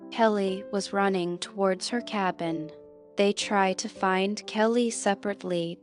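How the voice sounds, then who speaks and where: A woman reading a scripted film recap narration in a slow, measured way, walking through plot events and quoted lines. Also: mid-range voice.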